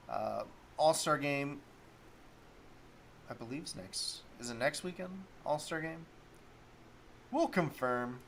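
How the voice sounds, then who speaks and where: A man's voice: mid-range voice, gravelly, a bit bright, a little hiss or hum. A man hosting a solo sports talk stream, rambling casually and thinking aloud while he looks up stats. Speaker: sports talk show host.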